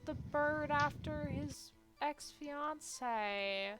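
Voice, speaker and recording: Slow-talking, high-voiced woman streamer. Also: a bit bright, soft background music. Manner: unhurried, joking reactions, laughs often. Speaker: streamer reading game dialogue. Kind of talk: casual live game stream.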